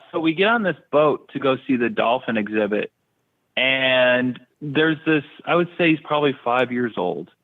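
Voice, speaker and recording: A man telling stories as an interview guest in a casual, blunt way, with crude humor. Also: mid-range voice. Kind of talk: casual storytelling. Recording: thin phone-like line.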